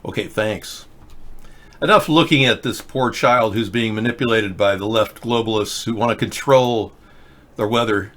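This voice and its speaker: A man's voice: lowish voice, normal speed, fairly bright tone. A man hosting a casual live political video chat, reading viewer comments and tweets aloud with a sarcastic, rambling manner. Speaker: livestream political show host.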